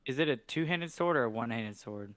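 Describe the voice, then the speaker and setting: A man is playing a tabletop game, chatting casually and joking between rules questions. His voice sits at an ordinary middle pitch. It sounds close and dry, with no room around it. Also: animated, fairly quick, a bit bright, no echo. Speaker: player.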